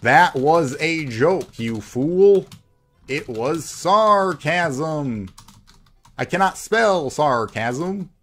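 Man, game streamer, sarcastic, mocking, reads chat aloud, higher voice, unhurried delivery. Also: lively intonation, fairly bright tone, soft background music. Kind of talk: live gameplay commentary.

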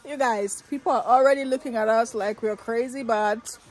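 A young woman vlogging casually while shopping, chatty and excitable, laughing often. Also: a little high, normal speed, a crowd in the background. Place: shopping mall.

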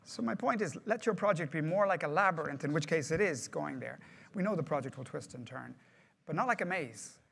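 Male trainer, brisk delivery, slightly high voice, chatty presenter who quizzes the room. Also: animated, gravelly, fairly bright tone, a little hiss or hum. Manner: conversational, questions the audience. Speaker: project management trainer. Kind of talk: workshop presentation to a group.

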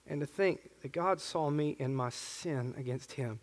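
A man's voice: on the high side, a little slow. A man in his thirties, a pastor preaching a sermon in an earnest, conversational way with casual asides. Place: church sanctuary. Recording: long church reverb.

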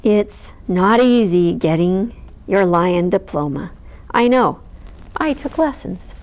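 A woman's voice: medium pitch, animated, takes it slowly, darkish tone. A woman reading a children's picture book aloud at storytime, in a playful way with frequent small laughs. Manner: playful, laughs between lines. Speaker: storytime reader.

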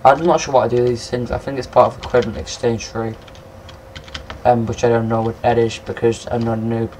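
A young man giving casual, rambling let's-play commentary, excitable and swearing at monsters. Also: medium pitch, a little fast, slight background noise. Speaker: gameplay commentator.

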